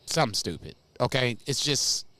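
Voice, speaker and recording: A man's voice: medium pitch, moderate pace. A man co-hosting a casual wrestling podcast, emphatic and profane. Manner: animated, emphatic, profane, laughs often. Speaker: podcast co-host.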